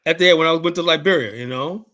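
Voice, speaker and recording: A man's voice: on the high side, fast. A man from the United States hosting a casual chat, telling stories with lots of profanity and acted-out quotes. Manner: profane, animated storytelling with quoted voices.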